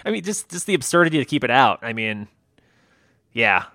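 Male co-host, relaxed rambling talker, crisp edgy tone with fry. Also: mid-range voice, brisk, no echo, studio quality. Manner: laid-back, many fillers and restarts, laughs easily. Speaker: podcast co-host. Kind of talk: casual chat.

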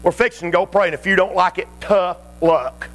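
A man's voice: high-pitched, a little fast, a bit bright, soft background music, pitched below the performer's own voice. A Southern US preacher voicing the firm inner spiritual man laying down the law. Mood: stern. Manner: firm, no-nonsense.

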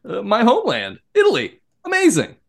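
A man co-hosts a podcast in easygoing chat, his voice swinging widely in pitch as he jokes around. He talks in an animated way and laughs often. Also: moderate pace. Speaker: podcast co-host. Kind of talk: casual chat.

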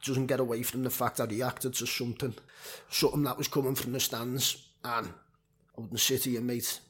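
Husky scouse fella, ex footballer, swearing loads, rambly casual chat. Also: male voice, mid-range voice, flat delivery, moderate pace, fairly bright tone. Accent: Liverpool. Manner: blunt, sweary storytelling with many fillers. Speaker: former semi-pro footballer guest.

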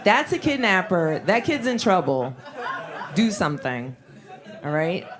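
A woman doing a stand-up comedy set, talking to the crowd in a conversational way and building deadpan to her punchlines. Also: mid-range voice, moderate pace.

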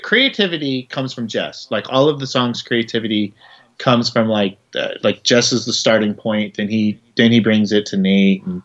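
Rambling man with a dull, lo-fi sound. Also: mid-range voice. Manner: rambling, heavy on filler words. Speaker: musician guest. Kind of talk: casual interview chat.

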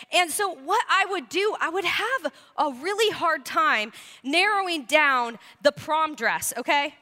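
A woman pastor giving a sermon, telling animated, self-deprecating stories to her congregation. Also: high voice, in a large hall. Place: church sanctuary.

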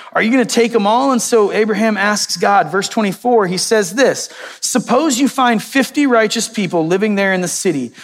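A male pastor preaching a sermon, reading scripture and retelling it in a conversational way with lively quoted voices. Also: high-pitched, long reverb tail.

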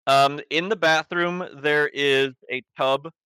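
A man's voice: on the high side, steady tone, slow, bright, forceful tone, clear, resonant tone, no echo, studio quality. A man running a tabletop horror game as game master, describing scenes with many ums and restarts.

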